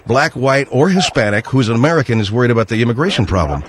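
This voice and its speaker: A man's voice: mid-range voice, expressive, quick pace, slight background noise. A man hosting a call-in radio show, cutting in with pointed questions and pushing back on his guest. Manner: interrupting, pressing questions. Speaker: radio talk show host.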